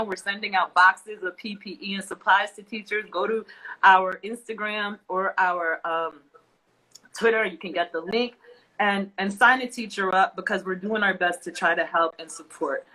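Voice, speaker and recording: A woman with a sharp-toned, medium-pitched voice co-hosts a casual talk show, venting with impassioned emphasis and repeated phrases in an emotional chat. The audio is poor.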